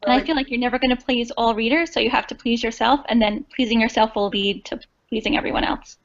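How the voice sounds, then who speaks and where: A woman's voice: a little high, fairly even intonation, fast talker. A woman chatting encouragingly as a guest on a book club video call. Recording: dull lo-fi video call audio.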